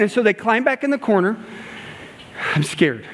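A man preaching a sermon, telling a story and acting out the dialogue, moving between loud passages and hushed ones. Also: high voice, big pitch swings, moderate pace, a little hiss or hum. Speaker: pastor and gymnastics coach. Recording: long hall reverb.

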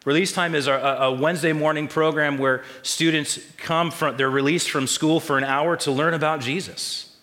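A male pastor preaching a sermon in a church and pausing to ask the congregation questions. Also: a little high, steady tone, sharp tone, big-room sound. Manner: call-and-response questions to the congregation. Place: church sanctuary.

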